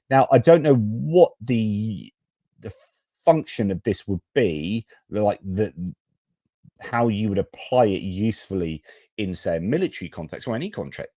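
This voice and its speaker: A man's voice: lowish voice, dark tone, slightly rough, dry recording, studio quality. A man hosting a live war news stream, reading updates with chatty, wry asides. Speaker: news livestream host.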